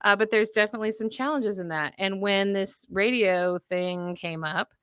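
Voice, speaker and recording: A woman in her thirties, a radio host, chatting as a podcast guest and telling stories with lively, expressive delivery. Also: mid-range voice, normal speed, clean tone, no echo, studio quality. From United States. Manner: animated storyteller, acts out voices. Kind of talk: casual chat.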